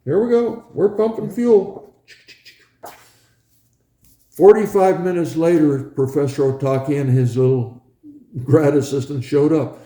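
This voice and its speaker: Older man spinning a roomy, mellow yarn. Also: on the high side, measured pace, pauses often. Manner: chatty, chuckling, acts out scenes with gestures. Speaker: former pilot recounting a research flight. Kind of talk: casual reminiscing storytelling. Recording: roomy echo.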